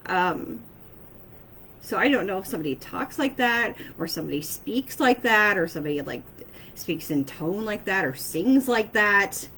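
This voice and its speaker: A woman's voice: mid-range voice, lively intonation, normal speed, pushed and bright, a little hiss or hum, rough recording. A woman speaking casually to her viewers as an intuitive reader, hesitant, with many fillers and checks of "okay?". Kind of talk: casual spoken message to camera.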